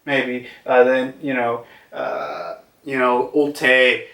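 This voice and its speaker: A man's voice: mid-range voice, expressive, very slow, fairly bright tone. A man casually reviewing a comic chapter, rambling with lots of fillers and restarts. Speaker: manga reviewer. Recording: echoey room, far from mic.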